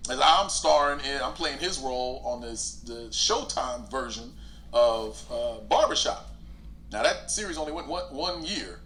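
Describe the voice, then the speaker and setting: A man's voice: mid-range voice, unhurried, slight background noise. A man, an actor, talking casually in an interview about acting choices and acting out quotes. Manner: animated, acts out quotes in big voices.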